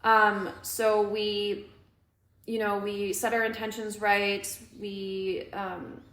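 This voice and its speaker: A woman telling a story in casual chat as a co-host. She is animated and swears freely. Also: mid-range voice, slow pace, roomy sound.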